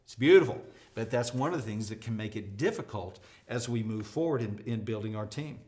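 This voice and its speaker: Energetic male leadership teacher. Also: on the low side, fairly quick. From United States. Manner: energetic, emphatic, acts out quoted voices. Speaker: leadership trainer. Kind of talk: whiteboard leadership lesson.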